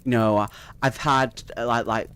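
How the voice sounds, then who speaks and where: A man's voice: medium pitch, fairly even intonation, measured pace, fairly bright tone, clear, resonant tone, close to an everyday voice. A man quoting a flaky young woman who claims special powers, in his own everyday voice. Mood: dreamy.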